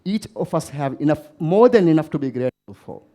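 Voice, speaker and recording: A man from the Maldives gives a motivational keynote to a live crowd in a fairly high, mellow voice, brisk and lively in intonation. He tells stories and asks the audience questions along the way.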